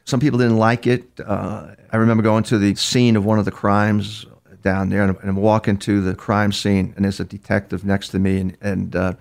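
An older man, a criminal profiler appearing as an interview guest, tells stories conversationally, often restarting and repeating words. His gravelly voice is fairly low and a little mellow, with a level tone at normal speed.

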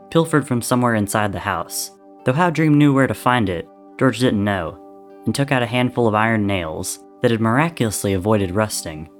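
A man reading a story aloud in a measured, softly dramatic narration. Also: mid-range voice. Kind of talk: reading fan fiction aloud.

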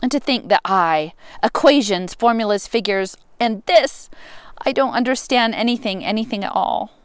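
A woman reading a novel aloud, expressive, with sudden rises and emphatic words. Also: fairly high pitch, normal speed, clean tone, no room sound. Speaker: reader.

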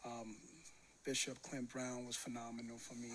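Brooklyn-raised male guest, animated storyteller, bright forceful voice, faint hiss behind. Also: mid-range voice, moderate pace. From Brooklyn, New York. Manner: animated storyteller, acts out quoted voices with laughter. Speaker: guest telling his love story. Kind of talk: casual storytelling chat.

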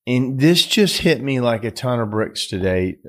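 A man's voice: mid-range voice, animated, unhurried, fairly bright tone. A man hosting a podcast, telling a story in a casual, earnest way that rambles with many fillers and restarts. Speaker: podcast host.

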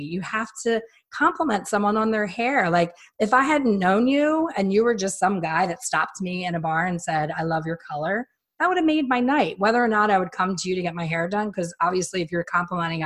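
Lively storytelling woman in her fifties. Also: medium pitch. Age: 50s. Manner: animated storyteller who acts out quotes. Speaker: hairstylist and podcast host. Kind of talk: casual storytelling chat.

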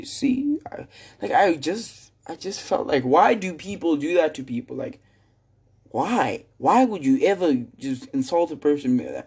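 A man's voice: medium pitch, unhurried, a little mellow, breathy edge. A young man in his teens telling a story in a rambling, slangy way with lots of fillers. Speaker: vlogger. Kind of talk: casual storytelling.

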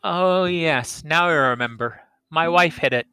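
A man voicing a simple, slow-witted woodcutter who talks plainly and a little bewildered. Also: on the high side, bright, forceful tone, clear, resonant tone, faint music behind, pitched above the performer's own voice. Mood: simple-minded.

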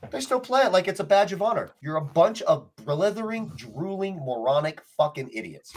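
A man's voice: sits high, big pitch swings, moderate pace. A man co-hosting a casual podcast, blunt and ranting, swearing freely. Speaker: podcast co-host. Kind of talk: casual profane chat.

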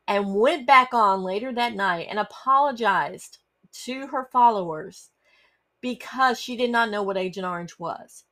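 A woman's voice: medium pitch, fairly bright tone. A middle-aged woman, hosting a personal storytelling podcast and talking earnestly, with frequent fillers and restarts. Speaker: podcast host.

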